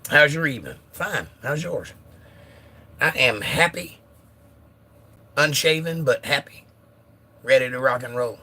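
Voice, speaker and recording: A man with a slightly hoarse, bright voice hosts a relaxed live stream from home. He reads chat comments aloud and answers them in an easygoing, chatty way. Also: mid-range voice, measured pace, pauses often. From United States. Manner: laid-back, reads viewer comments aloud. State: a little hoarse. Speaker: livestream host reading chat.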